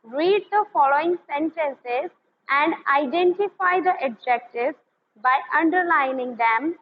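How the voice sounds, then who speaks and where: A woman teaching a grammar class, explaining slowly with many fillers and switching into Hindi to clarify. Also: sits high. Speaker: school English teacher. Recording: muffled lo-fi recording with faint noise.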